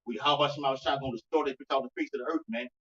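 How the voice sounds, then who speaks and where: A man reading scripture verses aloud and backing up the preacher with quick agreement. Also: medium pitch, fairly even intonation, sharp tone, slight background noise. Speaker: scripture reader. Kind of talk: reading scripture in a street teaching. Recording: distant dull recording.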